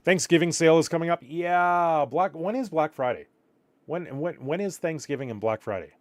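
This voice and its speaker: A man's voice: fairly high pitch, moderate pace, no echo. Tired man chatting on stream. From Canada. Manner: rambling, reacting aloud to viewer chat. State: a little tired. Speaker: live streamer. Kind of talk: casual live-stream chat.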